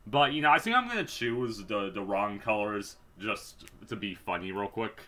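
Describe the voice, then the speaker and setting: A man's voice: on the low side, animated, normal speed, sharp tone, a little hiss or hum. A man reviewing and playing a children's DVD game, talking casually with heavy sarcasm and lots of fillers. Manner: sarcastic, mock-puzzled, many fillers. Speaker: YouTube reviewer. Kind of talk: casual gameplay commentary.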